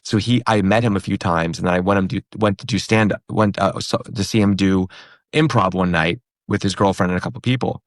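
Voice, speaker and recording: A comedian in his thirties telling a story in a casual interview, animated, acting out the other people in it. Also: low voice, fairly quick, no room sound, studio quality. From New York and Pennsylvania. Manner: animated, acts out quoted voices. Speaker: comedian guest.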